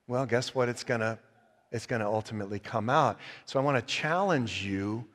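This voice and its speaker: A male pastor preaching a sermon, animated and joking, swinging from quiet asides to loud emphatic points. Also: mid-range voice, moderate pace, big-room sound. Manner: joking, laughs at own stories. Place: church sanctuary.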